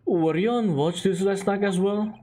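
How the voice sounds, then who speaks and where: A man's voice: high-pitched, moderate pace, mellow, natural voice. A man voicing a polite young male law student who questions a witness in a formal, courteous way, reading game dialogue aloud. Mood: earnest.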